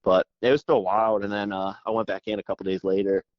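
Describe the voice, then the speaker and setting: A man guest telling a story with excited energy, rambling fast and saying "dude" constantly, calling in by phone. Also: lowish voice, dry recording. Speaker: podcast guest. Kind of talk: animated storytelling. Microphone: phone call. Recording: dull phone line.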